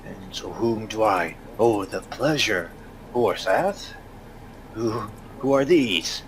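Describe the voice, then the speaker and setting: A man plays a wary male dwarf who talks in a slow, deliberate and gruff way. His voice stays low, close to the performer's own. Ceremonious courtesy gives way to bluntness. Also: animated, slight background noise, poor audio. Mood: courteous.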